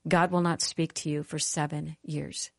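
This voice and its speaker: A woman's voice: sits low, little pitch movement, moderate pace, vocal fry, dry recording, clean studio sound. A woman voicing a sobbing young woman of twenty. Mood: bitter. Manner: tearful, pleading outbursts.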